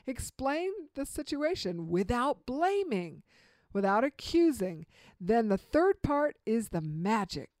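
A middle-aged woman giving an earnest instructional talk, slowing down to stress key points. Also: fairly high pitch, big pitch swings, darkish tone, no room sound. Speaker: communication speaker.

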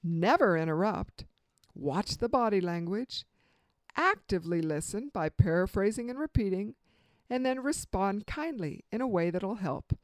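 A woman giving a motivational talk on communication, earnest and expressive, voicing quotes with strong emphasis. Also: medium pitch, measured pace, dry recording. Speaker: motivational speaker.

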